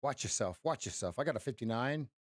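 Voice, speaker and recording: A man's voice: mid-range voice, animated, fast talker, dry recording, clean studio sound. A man giving live trading commentary on a stream, wry and teasing as he talks to his chat.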